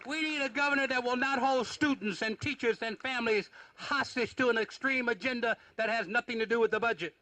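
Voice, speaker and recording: A man delivers a rally speech built on rhythmic, repeated rhetorical lines, then introduces a candidate. His voice is very high and bright, and the sound is dry and close. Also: no echo. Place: outdoor rally on capitol grounds.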